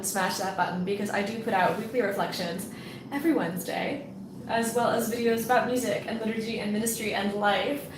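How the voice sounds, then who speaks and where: Chatty woman vlogging into an echoey phone. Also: fairly high pitch. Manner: chatty and rambling, with frequent fillers and restarts. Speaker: channel founder and ministry vlogger. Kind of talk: casual spoken reflection to camera. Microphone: phone on a selfie stick. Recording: echoey room, faint background hum.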